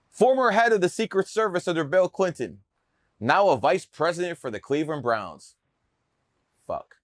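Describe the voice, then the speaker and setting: Man, low-pitched, boastful, swears a lot, casual interview, dry recording. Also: no echo. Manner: brash, profane, boastful. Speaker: podcast guest telling his story.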